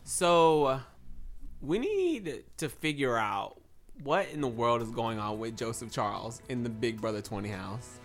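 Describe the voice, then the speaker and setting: A man's voice: mid-range voice, sing-song, unhurried, soft background music. A man hosting a podcast in casual chat, earnestly retelling events and quoting people. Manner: earnest, tells stories, quotes people. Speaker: podcast host. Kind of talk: casual chat recapping a reality show.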